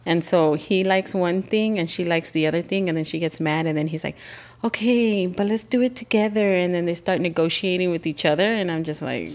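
A middle-aged woman co-hosting a casual chat podcast, telling family stories in a joking, animated way and mixing in Spanish words. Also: fairly low pitch, fairly quick, few pauses. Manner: animated storyteller, joking, acts out family quotes. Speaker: podcast co-host.

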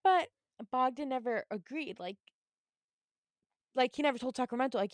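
In a dry, studio-quality recording, a young basketball fan co-hosting a podcast talks sports casually at a moderate pace, her voice on the high side and broken by long pauses. Animated and laughing a lot, she acts out how she reacted.

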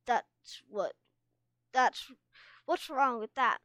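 A woman's voice: fairly high pitch, extremely slow, a bit bright, no echo, studio quality. A woman reading aloud, voicing a bold, defiant young female sea dragon who speaks bluntly.

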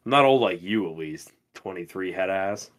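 A man in his twenties co-hosting a podcast, telling stories in a casual, profane and animated way. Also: deep voice, moderate pace. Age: 20s. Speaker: podcast co-host. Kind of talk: casual chat.

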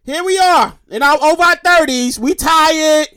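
A woman in her thirties hosting a casual solo podcast, animated and profane, repeating phrases for emphasis. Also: high voice, a little slow, no room sound, clean studio sound. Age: 30s. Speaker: podcast host.

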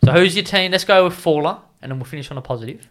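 A man's voice: fairly high pitch, rapid-fire, fairly bright tone. A man with an Australian accent in a casual sports podcast chat, blunt and swearing freely. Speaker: podcast co-host.

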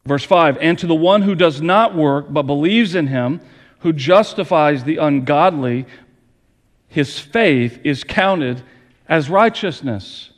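High-voiced preaching man, slow and emphatic. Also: animated, in a large hall. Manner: earnest preaching with emphatic rising stresses. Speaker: pastor. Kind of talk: sermon.

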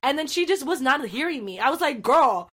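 A young woman from California in casual chat as a podcast co-host, animated and swearing, acting out quotes and laughing often. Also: high voice, fast.

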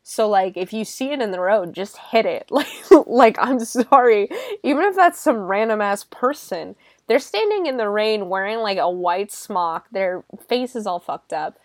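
A woman's voice: mid-range voice, lively intonation, moderate pace, dry recording, studio quality. A woman hosting a podcast, talking casually and animatedly, full of sarcasm, swearing and "like" fillers. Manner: lots of "like" fillers. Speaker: podcast host reviewing a film. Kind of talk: casual chat.

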